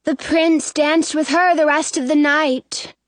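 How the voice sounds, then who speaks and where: A woman's voice: high voice, steady tone, slow, dry recording, pitched above the performer's own voice. A woman reading aloud, voicing a plain young stepsister who sounds wistful.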